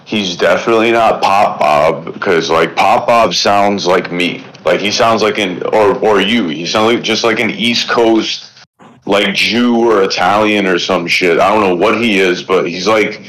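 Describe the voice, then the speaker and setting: A man from the Bronx with a New York accent, a podcast guest, who talks in a rambling, profane way with many restarts while high. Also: unhurried, fairly bright tone, poor audio. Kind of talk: casual chat.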